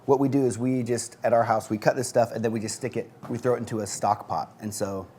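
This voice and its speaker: A man's voice: medium pitch, level tone, fast, darkish tone, breathy edge. A man chatting casually while he cooks in a kitchen, rambling and often restarting his sentences. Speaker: dental professional, cooking guest. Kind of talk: casual chat while cooking. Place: kitchen on a live show.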